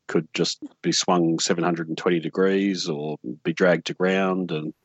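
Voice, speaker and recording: A man's voice: low voice, little pitch movement, a little slow, slightly rough, no room sound. A man co-hosting a sports podcast, hesitant and dry in manner. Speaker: podcast co-host. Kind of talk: casual sports chat. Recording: dry, dull lo-fi mic.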